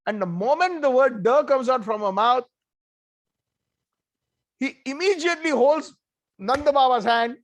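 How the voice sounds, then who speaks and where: A man giving an animated devotional storytelling talk with conversational asides. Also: very high voice, moderate pace, pauses often, no echo. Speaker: devotional speaker.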